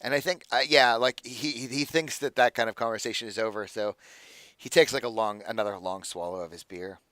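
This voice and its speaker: A man runs a tabletop game in a loose, rambling way and leans heavily on the word "like" as he narrates. His voice sits at a middle pitch and comes across close and dry. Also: fairly quick, fairly bright tone, dry recording. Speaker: game master.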